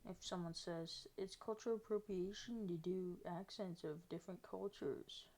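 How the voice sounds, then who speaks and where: A woman's voice: fairly low pitch, steady tone, normal speed, warm tone. A woman live streaming, chatting casually to an almost empty chat while she works on a map. She talks in a rambling, self-mocking way.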